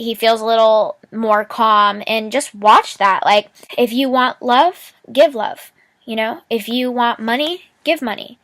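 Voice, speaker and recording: A young woman with a slightly high, a bit bright voice gives upbeat life advice in a casual motivational vlog, speaking a little slowly with fairly even intonation. She rambles and giggles, filling her talk with "like" and "you know," and the recording is dry.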